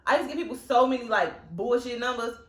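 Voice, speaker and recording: A woman's voice: on the high side, quick pace. A woman hosting a mukbang, chatting casually with blunt, joking and profane comments. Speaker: mukbang host. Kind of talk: casual chat. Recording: echoey room.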